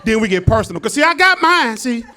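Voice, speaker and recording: A man works a stand-up set, telling rambling everyday stories in a loose, animated way and slipping into quick voices for the people in them. His speaking voice sits very high for a man. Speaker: stand-up comedian.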